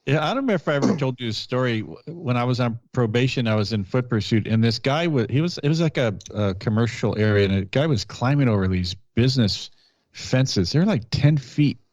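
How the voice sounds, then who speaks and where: A man who is a police officer, telling stories in a casual podcast chat, blunt and animated, acting out what people said. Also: medium pitch, brisk, no echo, lo-fi sound. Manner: blunt, animated storyteller who acts out quotes.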